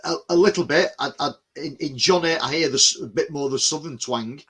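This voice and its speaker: A man's voice: a little high, brisk, a bit bright, husky. A man from England, chatting casually as a podcast host, rambling with lots of restarts. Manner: rambling, many restarts and "you know what I mean". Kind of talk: casual chat.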